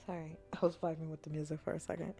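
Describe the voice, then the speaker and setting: A woman streamer chatting casually with her viewers, playful and often slipping into soft whispers. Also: sits low, level tone, very fast, creaky, soft background music. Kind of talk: casual chat.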